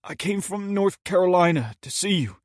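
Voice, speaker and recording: A man's voice: sits high, expressive, normal speed, dry recording, pitched above the performer's own voice. Man doing a shot young guy, weak, strained, wry, dry sound.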